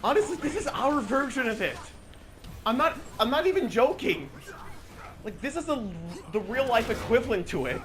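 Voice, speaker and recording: A young man with a high voice chats with friends while gaming, ranting in an animated way and swearing as he mocks a movie. Steady noise sits clearly behind his voice on the voice-chat recording. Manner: animated, swearing, mocking retelling with quick put-on quotes. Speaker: channel host.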